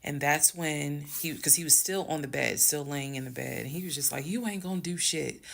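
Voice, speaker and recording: A woman telling a dramatic personal story in an animated, emphatic way, talking straight to her viewers. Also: deep voice, moderate pace, vocal fry. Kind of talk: casual storytime monologue.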